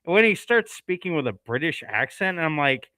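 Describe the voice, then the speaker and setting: A man's voice: fairly high pitch, very animated, normal speed, pushed and bright, no echo. A man co-hosting a casual movie podcast, telling his thoughts in a rambling, self-correcting way. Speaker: co-host.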